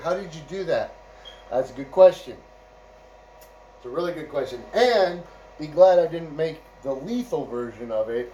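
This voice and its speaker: A man's voice: on the high side, mellow, distant mic, a little hiss or hum, poor audio. A man telling a casual, rambling anecdote, chuckling often and checking in with "right?" and "you know". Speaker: storyteller.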